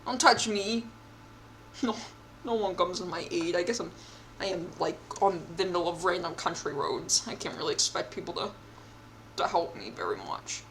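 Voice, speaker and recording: A woman's voice: lowish voice, animated, moderate pace, a little hiss or hum. A young woman streamer reading a text game aloud and reacting, chatty and giggly, with a mock-indignant edge.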